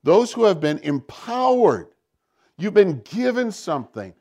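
A man preaching a sermon, swinging from hushed, intimate passages to loud, impassioned ones. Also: sits high, sing-song, unhurried. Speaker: pastor.

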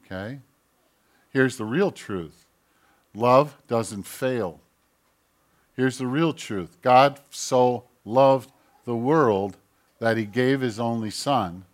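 A male pastor giving a sermon, reading scripture aloud with loud emphatic peaks and quiet asides, often clearing his throat and correcting himself. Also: medium pitch, takes it slowly, pauses often.

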